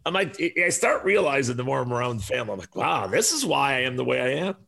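Male podcast host in his forties. Gravelly and tense in tone. Profane, rambling storyteller. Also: mid-range voice, big pitch swings, fast talker, pushed and bright. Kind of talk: casual podcast chat.

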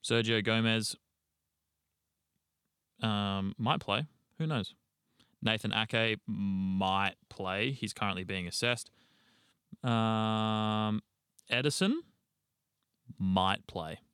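A man's voice: fairly low pitch, extremely slow, long pauses, fairly bright tone, clear, resonant tone, no echo, clean studio sound. A young man, co-hosting a casual sports podcast and rambling through team news with casual swearing. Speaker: podcast co-host.

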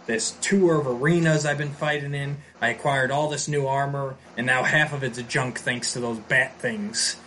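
A man's voice: mid-range voice, fairly even intonation, normal speed, few pauses, pushed and bright, a little hiss or hum, voice pushed up, natural voice. A man retelling a story who voices a proud, boastful male pit fighter. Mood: indignant. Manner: boastful, indignant.

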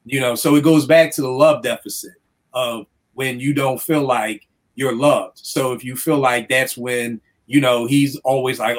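A man's voice: mid-range voice, moderate pace. A man from the DC area, a youth counselor telling stories in a casual podcast chat, acting out what people said and swearing freely. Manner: animated storyteller acting out quotes, swears freely. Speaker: youth counselor and music producer.

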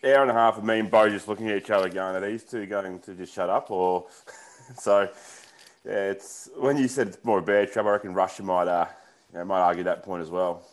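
A man's voice: low-pitched, steady tone, brisk, low-quality recording. A man co-hosting a casual podcast, telling joking stories. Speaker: podcast co-host.

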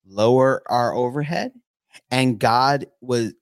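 A man co-hosting a faith show, speaking casually with his wife in a halting way, often checking in with "right?". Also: medium pitch, smooth, dry recording, studio quality. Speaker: co-host of a faith teaching show.

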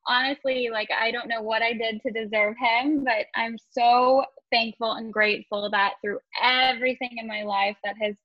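A woman in her thirties, a podcast guest, telling a personal story in a casual, animated way, laughing often and acting out what others said. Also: fairly high pitch, normal speed, few pauses, no room sound, dull audio. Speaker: interview guest.

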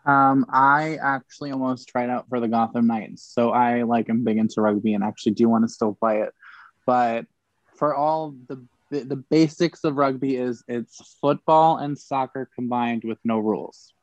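Deadpan man with a dull, dry sound. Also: mid-range voice, normal speed, dry recording. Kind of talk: casual chat.

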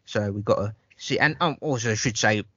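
A man talks through a film in loose, swearing podcast chat, tripping over restarts as he goes. His voice is bright and forceful. The sound is dull and lo-fi, and dry up close. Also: on the low side, a little fast, husky, no echo. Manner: rambling, profane, stammers on restarts. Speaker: podcast host. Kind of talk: casual film review chat.

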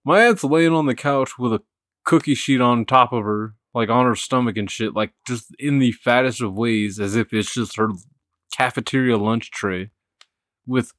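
A man's voice: medium pitch, normal speed, no echo. A young man chatting casually on a podcast, swearing freely and laughing as he tells stories. His voice sits mid-range and sounds dry and close, with no room around it. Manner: profane, laughing, animated storyteller. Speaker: podcast co-host. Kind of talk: casual chat, storytelling.

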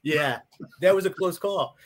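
A man's voice: high-pitched, unhurried. A man who is a guest on a casual chat show, joking and self-deprecating.

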